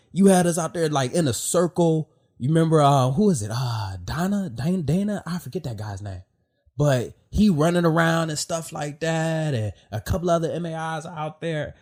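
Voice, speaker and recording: A man hosting a podcast, telling a story in an emotional, animated way, with lots of fillers and swearing. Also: mid-range voice. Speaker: podcast host. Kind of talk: casual heartfelt chat.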